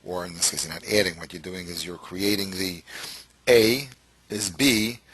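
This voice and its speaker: A man's voice: sits low, steady tone, moderate pace, a bit bright, slightly rough, dry recording, rough recording. A man in a study session, asking questions and working through ideas, hesitating as he searches for words. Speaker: student.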